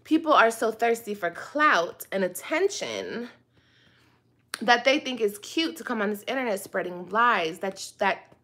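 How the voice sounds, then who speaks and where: A woman hosts her own video, talking straight to her viewers in a casual, theatrical monologue. She takes her time, stretching out her words. Her tone is bright and forward. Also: on the high side, very animated. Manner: dramatic, drawn-out, talks straight to the viewers. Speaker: online video host.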